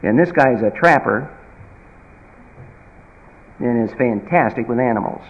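A man preaching a sermon in an emphatic, folksy manner, swinging from loud bursts to quiet asides. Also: medium pitch, lively intonation, unhurried, lo-fi sound. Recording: reverberant hall.

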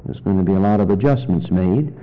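A man preaching a sermon and reading scripture, teaching in a measured, deliberate way with solemn emphasis. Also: low voice, animated, narrow, tinny audio. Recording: long reverb of a large hall.

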